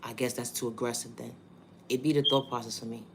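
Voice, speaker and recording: A man's voice: mid-range voice, flat delivery, quick pace, gravelly, noisy background. Emphatic New York man ranting. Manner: emphatic, repetitive, rhetorical questions. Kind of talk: monologue vlog.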